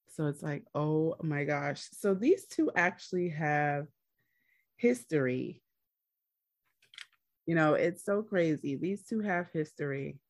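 A low-voiced woman co-hosts a podcast, taking her time as she recaps a drama series in casual chat. She's an animated storyteller who acts out the people she quotes, in clean studio sound with no echo.

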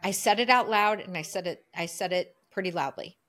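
A middle-aged woman, a coach, telling a personal story as a podcast guest in an earnest, lively way. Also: lowish voice, brisk. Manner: lively, earnest storyteller who acts out her own inner voice.

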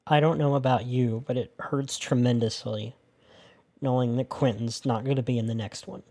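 A male podcast host reads his narration in a sincere, steady voice, with a heartfelt tone. His pitch sits in the middle of the male range, and his delivery feels scripted and careful. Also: normal speed.

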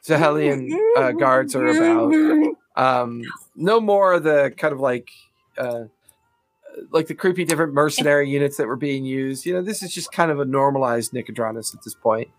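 A man runs a tabletop game as game master, talking in a mid-pitched voice with a loose, rambling delivery full of fillers and quick laughs. The sound is close and dry, with no room around it. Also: animated, no echo, soft background music.

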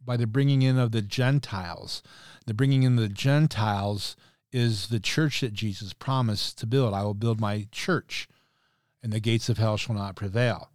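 A man's voice: lowish voice, no room sound. Man preaching, dry close sound. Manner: measured, explanatory, quotes scripture at length. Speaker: pastor. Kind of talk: podcast sermon teaching.

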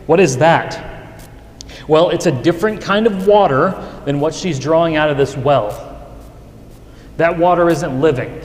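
A man's voice: a little high, unhurried, pauses often. A man preaching a sermon in an earnest, conversational way, often restarting his sentences. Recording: echoey hall with long reverb.

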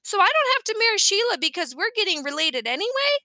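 A woman's voice: extremely high pitch, sing-song, fast, bright, forceful tone, no room sound, studio quality, voice pushed up, full character voice. A woman reading aloud, voicing an eager, curious little boy in a storybook. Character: young boy, eager and confused.

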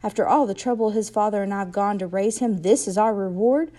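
A woman's voice: medium pitch, brisk, dark tone, lightly acted. A woman reading aloud, voicing a cold, resentful mother who speaks in an indignant, accusing way. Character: resentful middle-aged mother, cold and hard.

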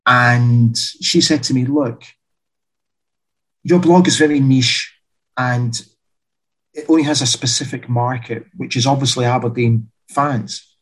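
A man's voice: medium pitch, fairly even intonation, unhurried, long pauses, husky, low-quality recording. A man talking as a guest author in a casual interview, a chatty storyteller who laughs through his anecdotes.

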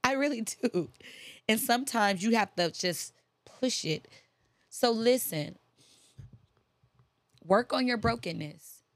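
A woman's voice: fairly high pitch, expressive, slow, long pauses, dry recording. A woman giving a faith-based motivational talk, emphatic and repeating her key phrases. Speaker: motivational speaker.

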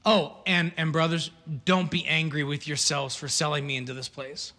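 A man preaching in a lively, chatty way, breaking into asides. His voice sits high and bright. A long reverb trails each phrase, as in a big hall. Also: normal speed. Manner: animated, conversational preaching with asides and laughs. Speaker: pastor. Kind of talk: sermon.

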